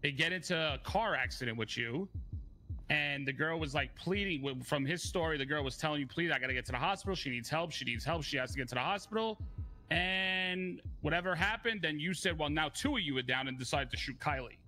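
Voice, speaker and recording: A man's voice: on the high side, expressive, fairly quick, bright, forceful tone. A man in a gang roleplay, firmly questioning and laying out what happened. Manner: firm, questioning, lays out the facts. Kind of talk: in-character roleplay confrontation.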